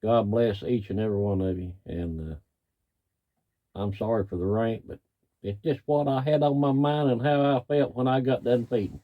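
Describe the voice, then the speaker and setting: A man's voice: mid-range voice, fairly even intonation, moderate pace, dull audio. A middle-aged man, a cattle farmer ranting in plain, folksy, angry talk. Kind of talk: frustrated rant to camera.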